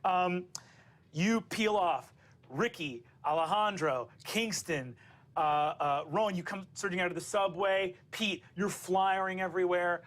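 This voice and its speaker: A man's voice: high-pitched, a little slow, a bit bright. A man running a tabletop game as game master, narrating loosely with plenty of fillers.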